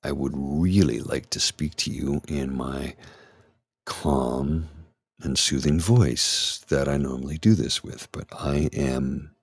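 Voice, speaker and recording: A middle-aged man talking candidly and haltingly through an anxiety attack, his voice trembling as he restarts his sentences. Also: very deep voice, vocal fry, slightly rough, no room sound. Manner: halting, restarts, anxious and shaky. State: anxious, trembling voice. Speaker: ASMR channel host. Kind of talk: candid personal talk.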